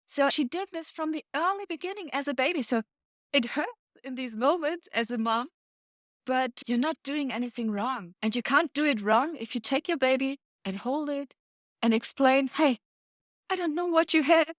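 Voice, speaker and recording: Woman, podcast guest, high pitch, heartfelt storyteller. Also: normal speed, dry recording, clean studio sound. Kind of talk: casual chat.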